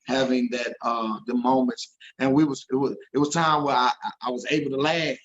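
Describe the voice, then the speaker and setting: A man's voice: medium pitch, fairly even intonation, brisk, a bit bright, muffled recording. A man telling an emotional story as an interview guest, earnest and repeating himself when moved.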